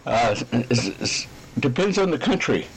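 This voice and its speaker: A man's voice: medium pitch, very animated, unhurried, husky, poor audio. A man co-hosting a podcast in casual chat, answering briefly in a laid-back way. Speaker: podcast co-host.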